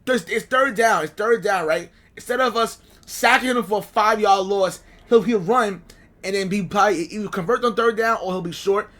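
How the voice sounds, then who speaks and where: A man with a fairly high voice, chatting as a football fan on a podcast. He talks animatedly and with exasperation, circling back over the same points again and again. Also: moderate pace. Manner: animated, exasperated, repeats himself. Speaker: sports podcast co-host. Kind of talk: casual fan chat.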